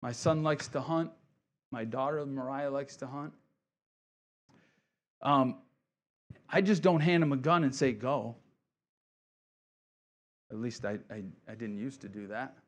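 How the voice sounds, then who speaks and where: A man's voice: medium pitch, unhurried, pauses often. A male pastor giving a conversational, encouraging sermon, often asking the congregation "right?" and repeating key phrases.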